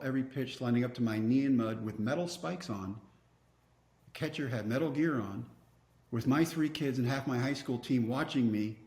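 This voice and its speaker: Wry storytelling man in a roomy space. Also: medium pitch. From Texas. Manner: animated storyteller acting out quoted dialogue, wry self-mocking humor. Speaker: podcast guest, former pitcher. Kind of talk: storytelling in a podcast interview. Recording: roomy echo.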